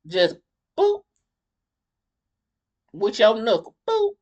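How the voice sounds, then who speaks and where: A woman vlogger giving a casual, blunt commentary on a reality show, rambling and animated with slang and many restarts. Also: a little high, a little slow, long pauses. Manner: blunt, fired-up opinions.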